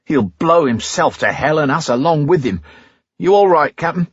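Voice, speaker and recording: A man voicing a queasy mechanic, raised pitch, husky, dry sound. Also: expressive, moderate pace, no echo, muffled recording. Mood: nervous. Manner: queasy, jittery. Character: nervous English helicopter mechanic.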